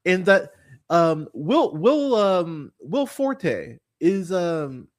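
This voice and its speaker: A man's voice: high-pitched, very animated, drawn-out words. A man hosts a movie podcast, ranting about a film he hated in a loose, casual way. He swears freely and piles on fillers and false starts as his frustration builds. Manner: exasperated, swearing, many fillers and restarts. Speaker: podcast host. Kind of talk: casual movie review rant.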